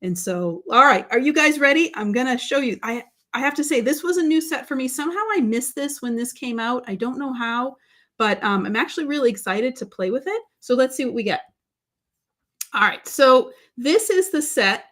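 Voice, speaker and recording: A woman's voice: high voice, expressive, normal speed, fairly bright tone. Chatty woman hosting a craft livestream. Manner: chatty, greets viewers by name, many fillers and restarts. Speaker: livestream host. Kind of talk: casual live-stream chat.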